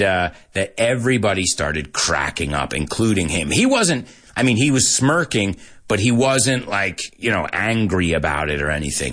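Guy teaching english on his show, husky lowish voice, super expressive, acts stuff out then translates. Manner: acts out film lines then translates them. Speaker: English teacher for Spanish speakers. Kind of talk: bilingual language lesson, casual and animated.

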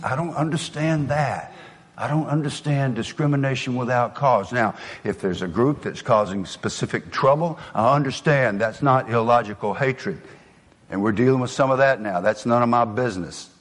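An older man, a former football coach, giving an earnest motivational speech full of personal stories. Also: medium pitch. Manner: earnest, storytelling, drops soft for emotional moments. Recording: long hall reverb.

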